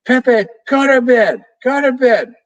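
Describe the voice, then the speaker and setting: Shrill shouting little girl in a storybook, put on by a man, very high. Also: slow, recorded from a distance, rough recording. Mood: annoyed. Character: little girl, easily annoyed.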